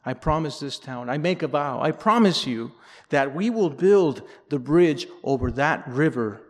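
A man's voice: a little high, lively intonation, a little slow. A man voicing a male mayoral candidate who gives a grand, rallying campaign speech full of empty promises. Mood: boastful. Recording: long reverb in a large hall.

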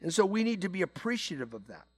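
A man's voice: sits high, big pitch swings, quick pace, breathy edge. A middle-aged man preaching a sermon to his congregation in a loose, conversational way, often repeating words and saying "you know". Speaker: pastor.

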